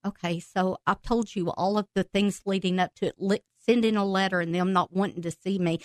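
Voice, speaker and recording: Speaking fairly quickly in a mid-range voice, a woman recounts her faith testimony on a podcast with emotion, laughing and bursting out excitedly. The recording is dry.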